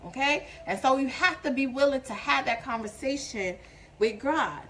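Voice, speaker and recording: Woman, faith talk host, slightly high voice, earnest, exhorting, preachy emphasis, webcam stream. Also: animated, moderate pace, fairly bright tone, poor audio. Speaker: host of a faith-based singles show. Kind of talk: informal devotional talk to viewers.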